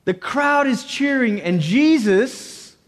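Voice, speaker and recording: A man preaching a sermon, animated, with joking asides and voices put on for quotes. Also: extremely high pitch, takes it slowly. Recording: long reverb.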